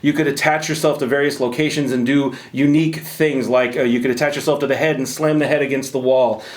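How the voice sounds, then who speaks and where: A man's voice: medium pitch, steady tone, quick pace. A man hosting a casual chat about a video game, rambling and joking at his own expense. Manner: jokey, rambling, self-deprecating banter. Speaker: host.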